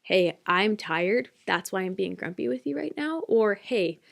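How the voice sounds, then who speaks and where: A woman's voice: mid-range voice, animated, measured pace, creaky. A woman in her twenties, a podcast co-host, chatting casually and emotionally with many fillers. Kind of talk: casual chat.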